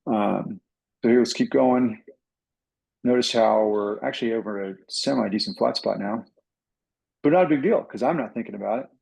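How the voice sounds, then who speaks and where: Gravelly man telling a flying story. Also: lowish voice, normal speed, pauses often, low-quality recording. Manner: animated storytelling, acts out radio calls. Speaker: pilot and flight instructor. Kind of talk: casual talk to a pilots' club.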